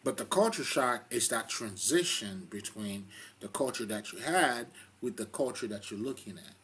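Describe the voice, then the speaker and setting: A man giving a casual spiritual talk, rambling and profane, full of fillers and loud laughs between points. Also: on the low side, expressive, moderate pace, husky. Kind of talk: casual spoken monologue.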